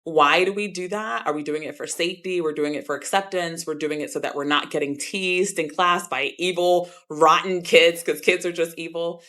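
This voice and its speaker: A woman's voice: on the low side, steady tone, normal speed, few pauses, a bit bright. A woman hosting a podcast interview, affirming and conversational as she asks her guest questions. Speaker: podcast host.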